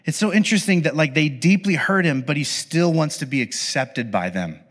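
A man preaching a conversational, animated sermon with casual asides to his listeners. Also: on the high side, normal speed. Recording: long hall reverb.

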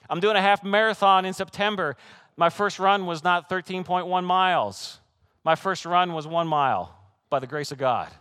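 Excitable pastor preaching with rising energy. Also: male voice, high voice, clear, resonant tone. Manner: animated and excitable, with soft laughs and quoted asides. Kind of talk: sermon.

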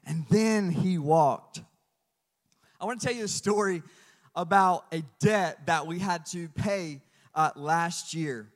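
Man, pastor, sermon, high voice, animated storytelling, church hall echo. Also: slow pace. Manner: animated storytelling, shifting from hushed asides to loud emphasis.

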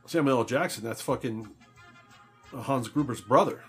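A man's voice: mid-range voice, moderate pace, soft background music. A man co-hosting a casual podcast, teasing and profane in his banter. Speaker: podcast co-host. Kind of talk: casual drinking podcast chat.

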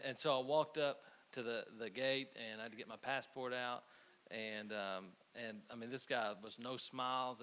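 A man preaching a conversational sermon, telling stories with halting restarts. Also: mid-range voice, bright, forceful tone, clean tone. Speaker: pastor. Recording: faint hiss.

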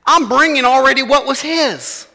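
Bright-voiced preacher in a big hall. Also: male voice, extremely high pitch, moderate pace, vocal fry. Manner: conversational preaching, acting out congregants' voices. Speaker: pastor. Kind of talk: sermon.

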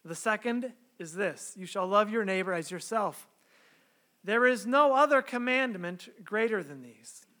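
A male pastor delivers a sermon with a fairly high voice. His tone is bright and forward as he reads scripture and prays, then explains the text in an earnest, conversational way, with rhetorical questions to his listeners. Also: expressive, unhurried. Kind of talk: sermon with scripture reading and prayer.

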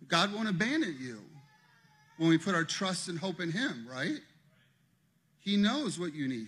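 A pastor preaching a sermon, telling a personal story in a conversational way and then building to loud, emphatic preaching. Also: male voice, high-pitched, slightly rough.

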